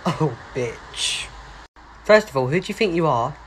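A woman's voice: low-pitched, animated, quick pace, slight background noise. Ranting woman in a sketch. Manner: ranting, crude, indignant. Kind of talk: comedy sketch.

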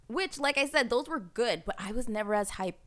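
A woman hosting a podcast in casual chat who laughs often and jumps up in pitch when she quotes people. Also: animated, brisk. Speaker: podcast host. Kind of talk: casual chat reacting to a movie trailer.

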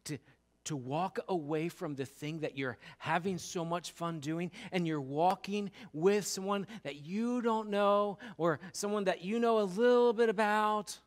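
A man preaching a sermon as pastor, conversational, acting out little quotes and building to loud emphatic repetitions. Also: high-pitched. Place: church sanctuary.

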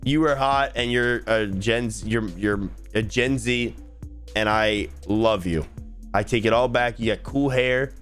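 A man's voice: fairly low pitch, unhurried, fairly bright tone, soft background music. Joking young man reacting to a video. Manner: blunt, joking, swears freely. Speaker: YouTube reaction host. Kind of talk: casual reaction commentary.

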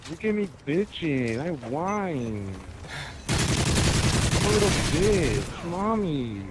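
A man putting on a mocking, whining voice of a bratty boy crying to his mother, over loud game gunfire. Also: on the high side, sing-song, very noisy, voice pushed down. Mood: mocking whine. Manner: mocking, whining, drawn-out sneer. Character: whiny bratty boy gamer crying to mommy.

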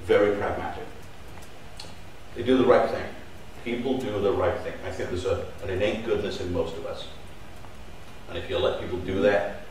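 A man's voice: low-pitched, slight background noise. Fifties man presenting on stage, bantering with the crowd, picked up from afar in a roomy hall. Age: 50s. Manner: chatty, joking with the audience. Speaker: conference speaker. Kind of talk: live conference presentation. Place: large conference hall. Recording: echoey hall, mic at a distance.

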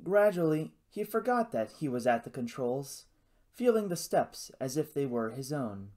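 A man narrating an adventure novel as an audiobook. His reading is dramatic and expressive. His pitch swings widely as he tells the story. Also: moderate pace. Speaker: audiobook reader.

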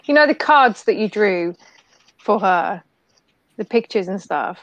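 A woman chatting casually over an internet call, unhurried and quick to laugh. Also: medium pitch, expressive, no echo, muffled recording.

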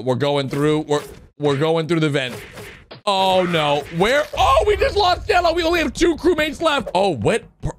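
Excitable high-voiced male commentator. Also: background noise. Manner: excitable, swinging from loud shouts to low mutters. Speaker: YouTube commentator. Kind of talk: excited commentary over animations.

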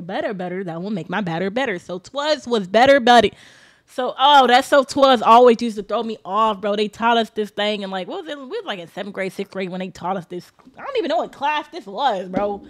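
Playful woman streamer, fairly high voice. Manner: loud, playful, often recites tongue twisters herself. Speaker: streamer reacting to a video. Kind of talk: casual reaction commentary.

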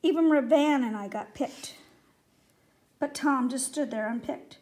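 High-voiced woman reading a kids' story aloud, gentle and expressive. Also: a little slow. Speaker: story reader.

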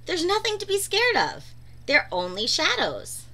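Storybook hero: a woman plays a cheerful, brave little male sea creature, reassuring and bright. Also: very high voice, wildly swooping pitch, measured pace, pitched above the performer's own voice, heavily acted. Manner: reassuring, upbeat.

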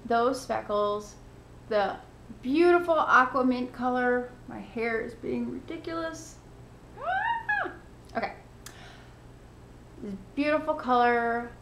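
A woman's voice: a little high, takes it slowly, a bit bright, echoey room, a little hiss or hum. A woman hosting a knitting podcast, chatting casually and gushing with thanks. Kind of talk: casual chat to camera.

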